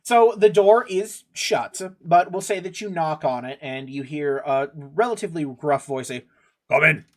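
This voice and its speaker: Casual male game master on a livestream, slightly high voice, easily loses track of his notes. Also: lively intonation, moderate pace, hardly any pauses, a little mellow. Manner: rambling, laughs at himself, loses track. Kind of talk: narrating a tabletop game. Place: home recording for a livestream.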